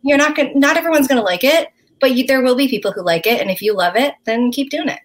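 Newfoundland woman, songwriter guest, chatty and loose, slightly high voice. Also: quick pace. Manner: chatty, uses many "like" fillers. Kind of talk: casual interview chat.

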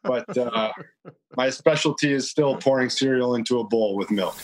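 A man's voice: medium pitch, moderate pace, noisy background. Easygoing self-deprecating man. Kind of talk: casual chat.

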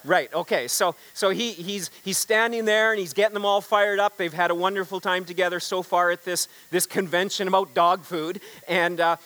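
High-voiced pastor preaching a sermon. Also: male voice, steady tone, moderate pace, hardly any pauses, pushed and bright, low-quality recording. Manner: storytelling with congregation call-and-response; frequent repeated words and restarts.

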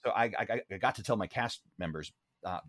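A man from Broadway, interviewed, talks a little fast and casually through his stories, acting out quotes with dramatic pitch leaps. His energy is animated. Studio-quality audio with no room sound.

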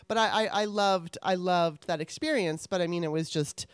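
A woman in casual chat, telling stories in an animated way and laughing often. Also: fairly low pitch, moderate pace, clear, resonant tone, dry recording.

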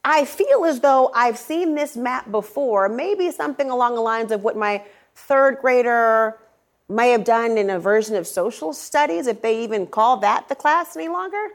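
A woman's voice: a little high, lively intonation, moderate pace. A middle-aged woman anchoring an evening news show, pointed and sarcastic, stretching key words for emphasis.

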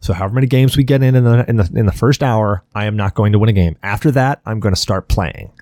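Dry, low-voiced podcast host rambling. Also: male voice, fast, warm tone, no room sound. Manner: rambling, profane storytelling. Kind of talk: casual podcast chat.

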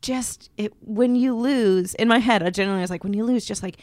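A woman co-hosting a podcast, telling a story in casual chat and acting out the people she quotes in higher voices. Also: brisk, a little mellow, no echo. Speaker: podcast co-host. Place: podcast studio.

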